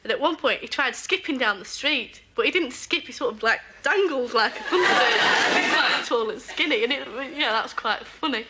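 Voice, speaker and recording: A woman's voice: high voice, animated, normal speed, few pauses, crowd noise, noisy background. A woman with a northern English accent, telling cheeky stories in an interview and laughing as she goes. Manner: chatty, cheeky, laughing storyteller. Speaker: game show contestant. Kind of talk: casual interview anecdotes.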